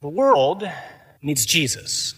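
A priest from giving a lively sermon at a men's conference, switching between mock-solemn readings and energetic, joking delivery. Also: fairly high pitch, slow, slightly rough. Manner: animated, theatrical, mimics stuffy readings for laughs. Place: large conference hall. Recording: live hall reverb.

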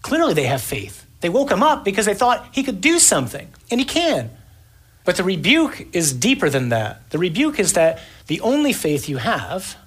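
A man's voice: high voice, wildly swooping pitch, moderate pace, fairly bright tone, husky. A man preaching an evening sermon, building emphatic lists and acting out the scene he describes.

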